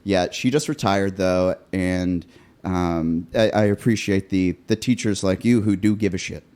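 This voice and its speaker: A man hosting a podcast, asking questions in a relaxed, casual way and cursing now and then. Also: low voice, measured pace. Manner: relaxed, curses casually, frequent affirmations. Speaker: podcast host. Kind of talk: casual interview.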